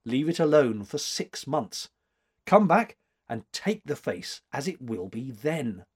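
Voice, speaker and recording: A man reading aloud and voicing a sharp, commanding elderly woman art critic with a curt manner in a storybook reading. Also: medium pitch, very animated, slow, breathy edge, full character voice. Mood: brisk commanding. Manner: curt, commanding, searching questions.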